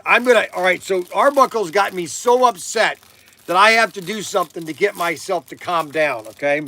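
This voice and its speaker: A man's voice: high voice, a bit bright. An older man hosting a live chat from his shop, rambling and interrupting himself with chuckles. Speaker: shop owner and show host.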